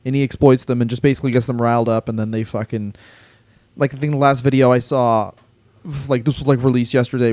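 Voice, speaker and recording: A man's voice: medium pitch, a little mellow, no room sound. Male comedian, podcast co-host, loose rambling delivery, profane, dry close sound. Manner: rambling, heavy use of "like", swears freely. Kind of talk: casual comedic chat.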